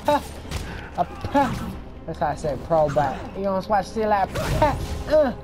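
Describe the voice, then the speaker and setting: A young adult gamer talks through a session in loose, profane commentary, breaking into excited whoops and yells. The voice swings widely up and down in pitch. Game music plays loudly behind. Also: a little slow. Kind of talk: casual gameplay commentary. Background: video game music.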